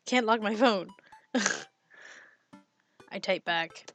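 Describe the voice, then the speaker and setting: Brief: giggly young woman gamer, chatty commentary at a medium pitch, headset mic, faint music under. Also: extremely slow. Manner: giggly, chatty, reads game text aloud. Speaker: game streamer. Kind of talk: let's-play commentary. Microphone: headphones and mic.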